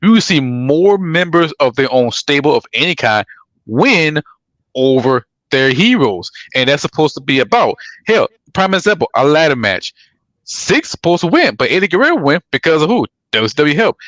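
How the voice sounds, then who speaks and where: A man co-hosting a podcast, talking in a rambling, profane, animated way with many restarts. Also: on the high side, normal speed, no room sound. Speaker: podcast co-host. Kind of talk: casual chat about pro wrestling.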